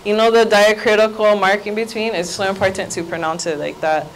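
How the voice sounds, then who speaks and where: A woman's voice: medium pitch, steady tone, fairly quick, slight background noise, rough recording. A woman with a Hawaii accent giving a playful workshop presentation as a Hawaiian language teacher, getting the audience to repeat phrases aloud.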